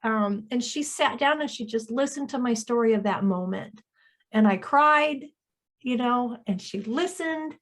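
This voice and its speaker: Gentle, earnest woman co-host. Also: fairly high pitch, unhurried. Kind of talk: casual reflective chat.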